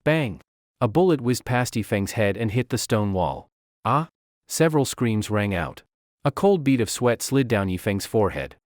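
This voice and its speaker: A man's voice: fairly low pitch, animated, normal speed, a little mellow, dry recording, clean studio sound. A man narrating a comic story recap in a dramatic storytelling manner.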